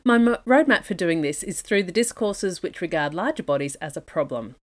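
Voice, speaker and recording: Lower-pitched woman, measured podcast lecturer. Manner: measured, methodical, list-like delivery. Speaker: dietitian and podcast host. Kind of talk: scripted educational podcast narration.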